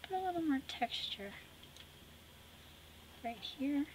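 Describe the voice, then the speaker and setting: A middle-aged woman hosting an art tutorial, chatty and teasing, narrating as she paints and dropping into soft whispered asides. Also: sits high, expressive, takes it slowly, a little hiss or hum, low-quality recording.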